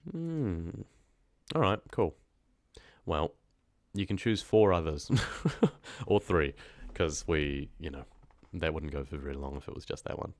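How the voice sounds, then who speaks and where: A man with a deep voice, a New Zealander who narrates horror stories and streams, talks casually with his live viewers. He rambles in an unhurried, relaxed way and laughs easily. The sound is dry and close, with no room echo.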